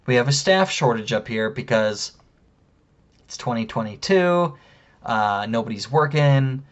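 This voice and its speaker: A man's voice: mid-range voice, lively intonation, a little slow, muffled recording. A man telling a story in an angry, profane rant, heated and indignant. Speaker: vlogger.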